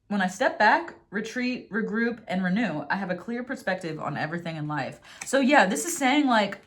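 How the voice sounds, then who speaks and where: A young woman talks through a tarot reading in a loose, casual way. She works herself up into excited, cursing rants about coming together, then softens to read affirmations from her cards in a calm, slow voice. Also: a little high. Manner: animated, swears freely, gets worked up then reads affirmations softly. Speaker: tarot reader.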